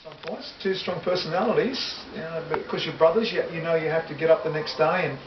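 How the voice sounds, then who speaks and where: A middle-aged man reminisces as an interview guest, rambling and restarting his sentences in a slightly raised voice. He sounds far from the mic in an echoey room, and the recording is dull. A loud wash of noise sits behind him. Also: on the high side, brisk. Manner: rambling, self-correcting, laughs easily.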